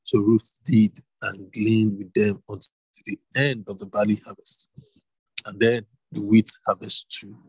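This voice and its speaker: A man's voice: on the low side, flat delivery, measured pace, slightly rough, no room sound, lo-fi sound. A man reading a Bible story aloud, voicing the characters and adding casual asides. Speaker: reader.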